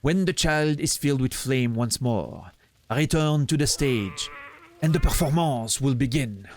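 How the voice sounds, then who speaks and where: A man reading game dialogue aloud as a grand, theatrical male troupe master, in a put-on French accent with slow, stately delivery. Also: medium pitch, animated. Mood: grandiose.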